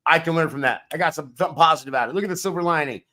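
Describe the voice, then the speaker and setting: A man co-hosting a podcast, giving an emphatic, energetic pep talk. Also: on the high side, rapid-fire. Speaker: podcast co-host.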